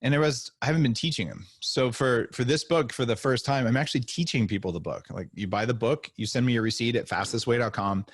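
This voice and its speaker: A man as a podcast guest, telling stories in a casual, animated way and acting out the dialogue. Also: mid-range voice, fast talker, few pauses, no room sound, clean studio sound. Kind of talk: casual interview storytelling.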